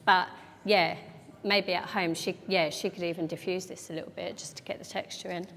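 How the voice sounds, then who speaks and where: A woman's voice: fairly low pitch, steady tone, moderate pace, gravelly, a bit bright. A woman hairdresser demonstrating a cut live, explaining each step as she works, in a large event hall. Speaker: hairdresser educator. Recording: echoey hall with faint background noise.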